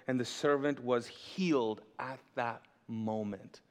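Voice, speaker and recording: A male pastor preaching a sermon, animated and jokey, slipping into quick voices to tell the story. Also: mid-range voice, in a large hall.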